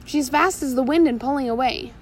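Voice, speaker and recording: A woman's voice: high-pitched, a little fast, slight background noise, natural voice. A woman voicing a timid, nervous male pirate sailor who stammers, in a storybook reading.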